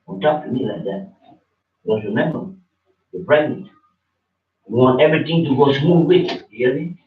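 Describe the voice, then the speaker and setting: A man's voice: mid-range voice, expressive, normal speed, pauses often. A man preaching informally in blunt, slangy, confrontational talk to a listener. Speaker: religious teacher. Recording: distant, roomy, dull audio.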